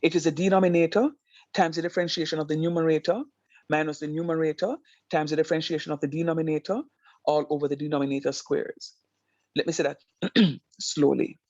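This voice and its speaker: Animated man teaching math online. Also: a little high, fast, dry recording, muffled recording. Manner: animated storytelling, emphatic.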